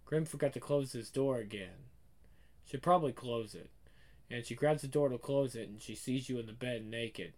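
A man tells a story in the second person, addressing the listener directly. His delivery is casual and conversational, at an ordinary pitch. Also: moderate pace, a little mellow. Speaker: narrator.

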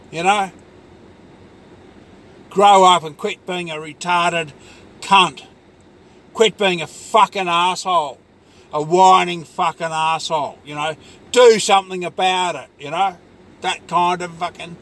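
A man's voice: sits high, fairly even intonation, moderate pace, sharp tone. A man in a rambling personal monologue, ranting angrily and swearing constantly, with lots of fillers. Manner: angry, profane ranting with many fillers.

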